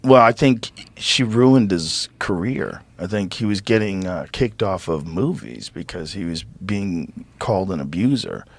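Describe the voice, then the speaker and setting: A man hosting a podcast in casual chat, animated and swearing, with excited bursts. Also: sits low, unhurried, few pauses. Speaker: podcast host.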